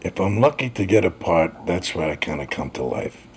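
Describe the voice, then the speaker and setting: A man's voice: low voice, big pitch swings, normal speed, slight background noise. An older man in his eighties, an actor, speaking earnestly and reflectively about performing. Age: 80s. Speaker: veteran actor. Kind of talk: reflective interview.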